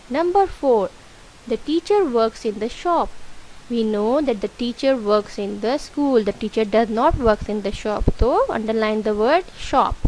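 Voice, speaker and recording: A woman teacher with a Pakistani accent, slowly explaining a workbook lesson to young children and asking them questions as she goes. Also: on the high side, low-quality recording. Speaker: school teacher. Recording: faint background hiss.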